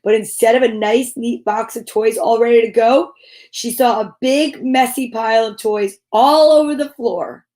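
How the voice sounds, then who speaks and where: A woman hosting a children's storytime, reading a picture book aloud in an animated, encouraging way. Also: fairly high pitch, normal speed.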